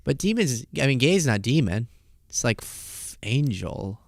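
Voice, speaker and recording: Male podcast host, casual and mocking, lively delivery, dry studio sound. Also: moderate pace, no room sound. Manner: animated, laughing, mocking, high-pitched impressions. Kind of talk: casual political commentary. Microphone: studio mic.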